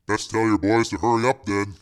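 Man doing a low, hard-edged hitman, clipped and menacing. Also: steady tone, a little fast, natural voice. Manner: clipped street dialect, menacing. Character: tough, menacing male hitman named Ice. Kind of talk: reading a crime novel aloud.

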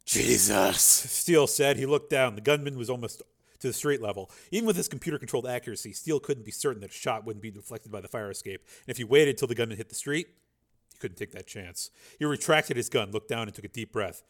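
A man narrating an action audiobook in a steady, driving read with a gravelly voice. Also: medium pitch, quick pace.

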